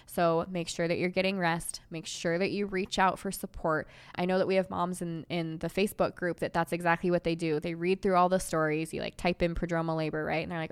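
Alone at the mic for her podcast, this young host chats reassuringly and casually, sprinkling in lots of fillers like um and like. Her voice sits on the low side, smooth and fairly even in intonation, and she talks fairly quickly.

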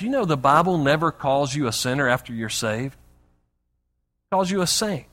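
A man's voice: on the high side, normal speed, a bit bright. A pastor preaching a sermon emphatically, often restarting his words. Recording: long hall reverb.

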